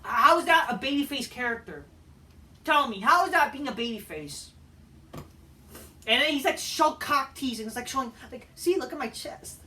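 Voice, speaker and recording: A woman's voice: high-pitched, animated, normal speed, long pauses, sharp tone, far from the mic, a little hiss or hum. A woman giving a heated, profane ranting review as a wrestling show host.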